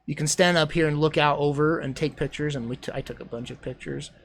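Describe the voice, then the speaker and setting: A man streaming casual commentary over his old travel videos, rambling and self-deprecating, quick to exclaim. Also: on the high side, fairly even intonation, creaky, a little hiss or hum.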